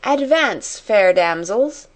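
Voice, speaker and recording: Dreamy, gracious girl read by a woman, grand, unhurried storytelling speech. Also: medium pitch, lively intonation.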